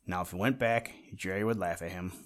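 A lowish-voiced man moves briskly through a children's animal storybook, keeping his reading gentle. Now and then he breaks off to address the listener directly.

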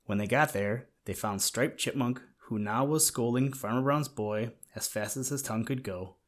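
Man gently reading a storybook. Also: medium pitch, normal speed. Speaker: narrator.

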